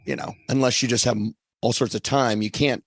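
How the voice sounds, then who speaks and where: A man co-hosts a casual podcast chat, and his voice is still hoarse. He speaks in a relaxed, thoughtful way, pausing on fillers as he works out what to say. The sound is close and dry. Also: medium pitch, no room sound. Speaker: podcast co-host.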